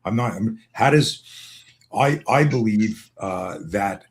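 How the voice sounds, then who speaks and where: A man's voice: lowish voice, lively intonation, slow. Emphatic Canadian American man. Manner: rambling, emphatic, many restarts. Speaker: co-host. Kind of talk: casual video call conversation.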